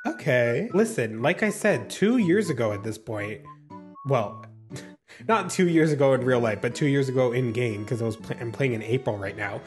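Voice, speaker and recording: A man giving casual gameplay commentary as a gaming YouTuber, excitable and chatty, swearing freely and talking straight to his viewers. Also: medium pitch, normal speed, faint music behind.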